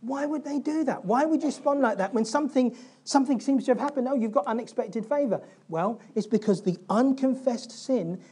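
Male pastor, sermon delivery, mellow tone, lively storytelling that acts out the characters. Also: extremely high pitch, husky. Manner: animated storytelling, acting out biblical figures' lines; asks the congregation questions.

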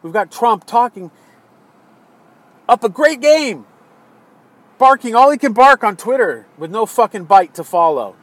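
An American man ranting angrily about politics, swearing constantly and swinging between low muttering and exasperated yelling. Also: animated, moderate pace, hardly any pauses, no room sound. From United States. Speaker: political commentator. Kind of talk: angry political rant.

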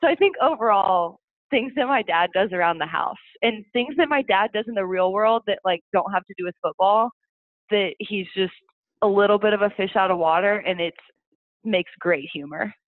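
A woman's voice: medium pitch, moderate pace, no echo. Chatty woman on a tinny line. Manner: chatty, laughs often. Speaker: interview guest. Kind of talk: casual storytelling. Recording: phone-like dry sound.

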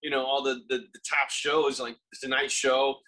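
Bright-voiced bantering male co-host. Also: medium pitch, level tone, low-quality recording. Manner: quick-witted, profane banter. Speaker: podcast co-host. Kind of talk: casual chat. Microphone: video call.

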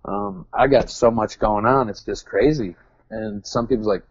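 Male guest with a low voice, rambling and self-deprecating, on a dry, dull lo-fi recording. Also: moderate pace, no room sound. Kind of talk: casual interview chat.

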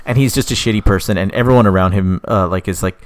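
Pretty low young guy, rambly and sweary, lots of um and like, dry mic. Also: quick pace, clean tone, dry recording. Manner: rambling, profane, lots of fillers. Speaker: podcast co-host pitching a story idea. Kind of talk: casual chat.

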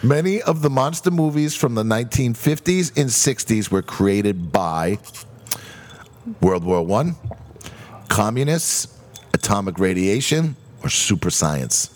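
A man's voice: lowish voice, animated, unhurried. A man co-hosting a podcast, reading out quiz questions in casual, profane banter with friends. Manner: reads quiz questions, swears freely. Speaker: podcast co-host running a quiz.

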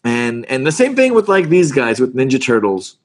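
Voice actor guest, man, animated, quick talker with restarts, medium pitch. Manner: animated, fast, restarts words. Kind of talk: casual interview chat.

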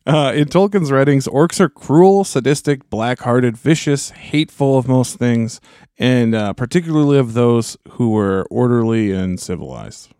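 A man co-hosting a casual podcast chat, relaxed and quick to laugh. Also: mid-range voice, dry recording, clean studio sound. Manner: relaxed, laughs often, loose restarts. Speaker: podcast co-host.

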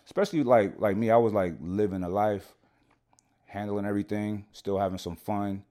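Deep-voiced man telling a story casually. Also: steady tone, moderate pace, warm tone. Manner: slangy and profane, keeps saying "you know what I'm saying". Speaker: podcast guest.

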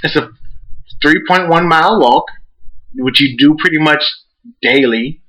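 Young man, bright tone, teasing, reassuring, a bit of a braggart, casual chat. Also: on the high side, a little slow, rough recording. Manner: teasing, encouraging, boastful.

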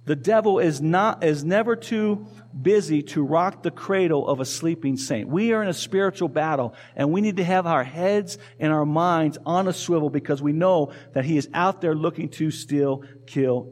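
A man's voice: on the high side, normal speed, a little mellow. A male pastor preaching a sermon in a conversational way, asking the congregation questions and repeating key phrases. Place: church.

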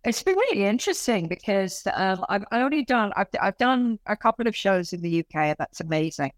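A woman in her late fifties with a London accent, chatting as an interview guest in an animated, self-mocking way with many restarts. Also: mid-range voice, fairly quick, no room sound, studio quality. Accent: London English. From London, England. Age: late 50s. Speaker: guest author and performer. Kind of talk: casual interview chat.

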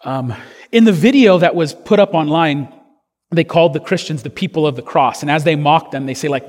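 A man's voice: a little high, brisk, a little mellow, in a large hall. A man preaching a sermon as pastor, earnest and conversational, with fillers and restarts.

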